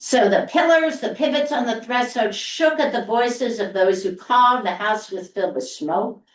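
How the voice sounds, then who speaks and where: A woman pastor teaching an adult Bible class, chatty and lively, reading scripture aloud with emphasis. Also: fairly high pitch, moderate pace. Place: church classroom. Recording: roomy, from far off the mic.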